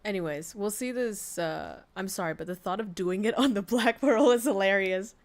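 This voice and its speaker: A young woman from Vietnam, a VTuber streamer chatting casually on a livestream, frank and quick to swear and laugh. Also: medium pitch. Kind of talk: casual livestream chat reading posts.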